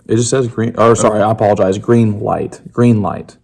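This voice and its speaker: Low gravelly male co-host, relaxed and chatty. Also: normal speed. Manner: relaxed and chatty, laughs often, trails off with fillers. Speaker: co-host unboxing game tokens. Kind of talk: casual chat.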